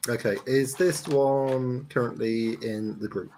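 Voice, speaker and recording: A man's voice: medium pitch, a little slow, a little mellow, a little hiss or hum. Wry, mock-formal man on a stream. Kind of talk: casual live stream chat.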